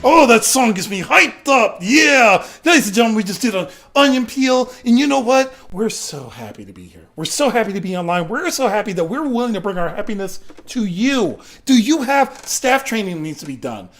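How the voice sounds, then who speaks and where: A man's voice: high voice, very animated, a little fast, few pauses, a bit bright. A man hosting a live online improv comedy show, talking in upbeat promo patter and leading a sung drinking-song chorus.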